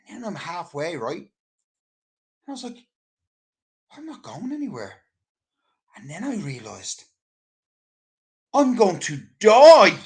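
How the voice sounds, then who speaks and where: A man with an Irish accent telling a casual anecdote in an animated, rambling way, full of swearing. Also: high voice. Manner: animated, profane, rambling storyteller.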